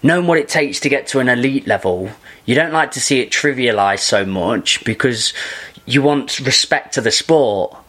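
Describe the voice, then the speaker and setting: A man's voice: medium pitch, animated, moderate pace, a bit bright. A man in casual podcast chat, an enthusiastic and rambling storyteller who laughs often.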